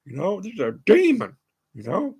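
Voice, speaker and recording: A man's voice: high-pitched, huge pitch swings, normal speed, vocal fry, darkish tone, slightly rough. An older American man hosting his own show, talking in a rambling monologue full of fillers and restarts. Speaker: show host.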